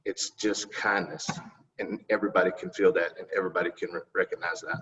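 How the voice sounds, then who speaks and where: A man's voice: low-pitched, fairly even intonation, quick pace, a bit bright. A middle-aged man, a city council candidate answering interview questions in a rambling, folksy and polite way. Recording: distant, muffled recording.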